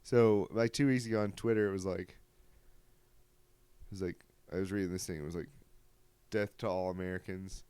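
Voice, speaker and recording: Laid-back low-voiced man, dry close sound. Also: fairly quick, pauses often, warm tone, smooth, no echo. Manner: laid-back, rambling, many fillers. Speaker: podcast co-host. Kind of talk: casual chat.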